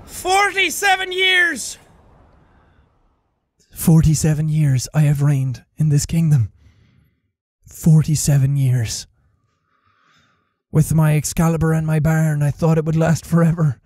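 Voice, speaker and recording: A man voicing a bitter old deposed king who laments slowly and grandly in a game. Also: a little high, little pitch movement, mellow, no echo, clean studio sound, pitched below the performer's own voice. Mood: brooding lament. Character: deposed old male king, bitter, brooding, self-pitying.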